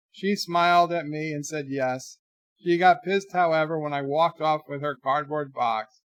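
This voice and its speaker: A man's voice: a little high, a little slow, clean tone, no echo. An American man hosting a casual livestream from his bedroom, joking and rambling as he reads out viewer comments. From United States. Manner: joking, rambling, animated asides. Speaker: livestream host.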